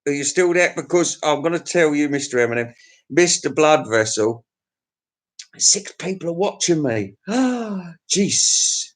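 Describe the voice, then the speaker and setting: A man's voice: a little high, expressive, normal speed. A man hosting a livestream, telling crude, profane, jokey stories in a rambling casual chat to his viewers. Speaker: livestream host.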